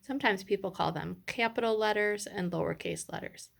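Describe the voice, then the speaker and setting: A woman teacher reading a picture book aloud to young children, pausing to ask them questions. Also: medium pitch, creaky. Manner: gentle, slow, addresses the children directly.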